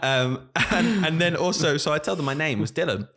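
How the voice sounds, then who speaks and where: Fast-talking young male teacher telling stories. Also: a little high. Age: 20s. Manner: animated storytelling, acts out quotes. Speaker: podcast co-host, primary teacher. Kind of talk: casual chat.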